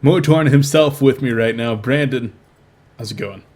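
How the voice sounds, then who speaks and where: A man's voice: mid-range voice, moderate pace, darkish tone. A young man casting a video game match with a co-host, chatty and joking, rambling off topic. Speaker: game commentator. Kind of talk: casual esports commentary.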